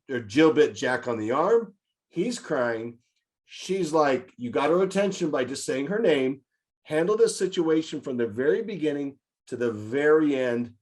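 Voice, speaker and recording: Chatty man hosting a meeting. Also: mid-range voice. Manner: lively storyteller, acts out scenarios. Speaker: meeting host, childcare director. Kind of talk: casual meeting talk. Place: online meeting.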